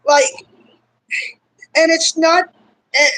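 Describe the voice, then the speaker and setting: A young man from Kentucky with a Southern accent hosts a casual interview, rambling loosely and saying "like" and "y'all" a lot. His voice is extremely high and sharp-toned, slow with long pauses, and the audio is poor.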